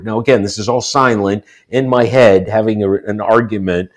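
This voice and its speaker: A man in his sixties from the United States, a guest telling personal stories in a relaxed interview and acting out the quotes. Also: moderate pace. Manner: animated storyteller, acts out quotes with rising pitch. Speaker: guest, author. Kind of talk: storytelling in a casual interview.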